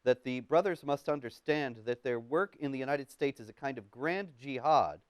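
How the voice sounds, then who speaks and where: Guy hosting a political talk show, smooth clear voice, dry close sound, talks steady and measured. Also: medium pitch, no room sound. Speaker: host.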